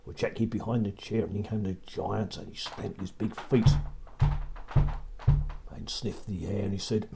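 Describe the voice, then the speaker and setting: A man's voice: on the low side, fairly even intonation, normal speed, long pauses, noisy background. A man narrating a children's story in a repetitive storybook manner. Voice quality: husky.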